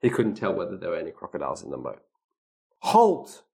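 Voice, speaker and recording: A man's voice: low-pitched, animated, very fast, gravelly, a little mellow. Playful man tutoring through a storybook. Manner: playful, acts out quotes with mock grumbling. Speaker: English tutor reading a story aloud. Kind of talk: reading aloud and explaining words.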